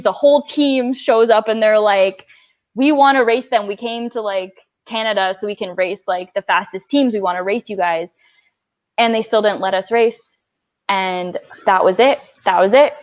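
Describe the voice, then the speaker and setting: A young woman in her twenties talks casually on a podcast, telling a rowing story with lots of energy and acting out the voices of the people involved. The audio is dull and lo-fi. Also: medium pitch. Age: 20s. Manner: animated storytelling, acting out quotes. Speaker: coxswain guest.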